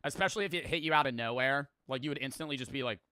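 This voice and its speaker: A man with a bright, forward voice talks through a reaction video in loose, rambling commentary. He swears freely and jokes at his own expense. The sound is close and dry. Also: mid-range voice, smooth, no echo. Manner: rambling, profane, self-deprecating, quick to laugh.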